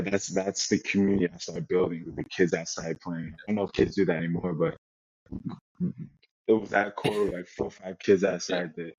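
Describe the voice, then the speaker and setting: A young man from Nigeria, a football player, telling his story in a relaxed interview chat with many restarts. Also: deep voice, breathy edge, no room sound. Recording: dull lo-fi sound.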